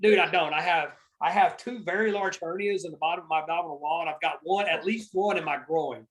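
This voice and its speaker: A man's voice: a little high, fast talker, fairly bright tone, low-quality recording. A man hosting a casual podcast chat, telling stories in a rambling, emphatic and heavily profane way. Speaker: podcast host.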